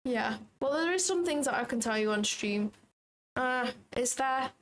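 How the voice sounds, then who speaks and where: A woman's voice: high-pitched, animated, a little slow, a little hiss or hum. A young British woman hosting a casual livestream, joking and bantering with her chat and cursing now and then. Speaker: livestream trading host.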